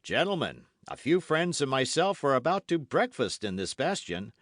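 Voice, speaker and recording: A man playing an unflappable noble musketeer, stately, ironic, lively pitch, dry close sound. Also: moderate pace, no echo. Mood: calm, ironic. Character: cool, aristocratic male musketeer, unflappable.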